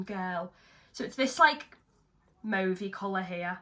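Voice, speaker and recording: Seated at home, a young woman works through a makeup tutorial as a vlogger, chatting casually, poking fun at herself and swearing now and then. Her voice sits mid-range and is a bit bright, and she takes her time.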